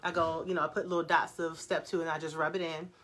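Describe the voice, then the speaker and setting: A young woman hosting a casual livestream, reading viewer comments aloud and answering them in a fast, animated way with frequent laughter. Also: deep voice. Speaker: brand founder hosting a live Q&A.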